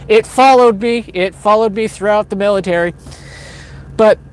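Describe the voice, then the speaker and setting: A man's voice: sits high, normal speed, clear, resonant tone, shouting. A man hosting a livestream, telling a long story in a casual, rambling way, correcting himself and chuckling often. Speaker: livestream host. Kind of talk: casual spoken storytelling to a live chat.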